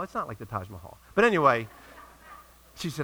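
A male pastor preaching a sermon in a church, telling a story and rising to loud emphatic peaks before dropping to quiet asides. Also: fairly high pitch, very animated, brisk, long pauses, husky, low-quality recording.

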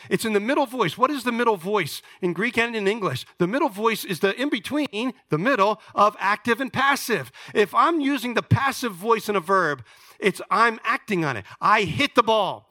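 Male pastor, high bright voice, dry close sound, animated sermon with playful asides. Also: moderate pace, no room sound. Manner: animated preaching with asides to the congregation.

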